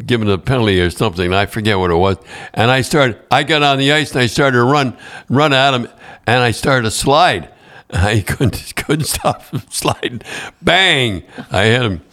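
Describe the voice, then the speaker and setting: A man's voice: mid-range voice, moderate pace, fairly bright tone. An older Canadian man spins old stories in a loose, rambling way. He trips over his words, starts again, and chuckles as he goes. His voice sits in the middle for a man. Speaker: podcast host and former hockey coach. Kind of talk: casual storytelling chat.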